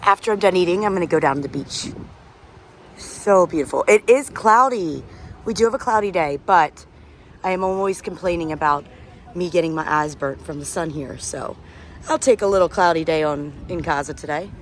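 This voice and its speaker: A woman with a lowish voice and moderate pace vlogs casually to camera about food and places she visits, enthusiastic as she travels outdoors and through cafes. Street and traffic noise runs in the background.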